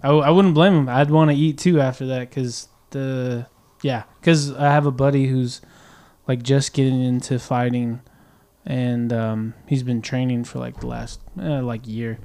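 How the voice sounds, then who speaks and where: A man's voice: mid-range voice, steady tone, unhurried, dark tone. A man with a mid-range voice hosts a casual podcast conversation. He talks easily and nudges his guest along with short replies. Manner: easygoing, encouraging listener. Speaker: podcast host. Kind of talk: casual chat.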